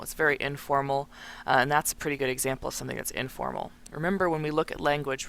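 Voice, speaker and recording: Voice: mid-range voice, gravelly, fairly bright tone. A teacher walking through a text in a recorded lesson, explaining and thinking aloud while annotating it.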